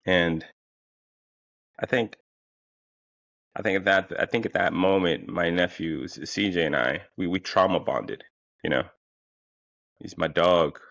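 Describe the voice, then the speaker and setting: A man's voice: sits low, measured pace, vocal fry, long pauses, a bit bright, no room sound. A man telling a funny story in a rambling, profane way, full of fillers and restarts, sounding a little tired. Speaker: podcast host. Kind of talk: casual comic storytelling. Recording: dull lo-fi, dry sound.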